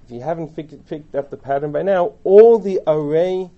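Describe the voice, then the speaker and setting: A man's voice: on the high side, moderate pace, mellow, highs cut off. A man teaching a text lesson, reading verses aloud and translating them line by line, with chatty asides and questions to the class. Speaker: Torah teacher. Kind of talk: lecture on a biblical text.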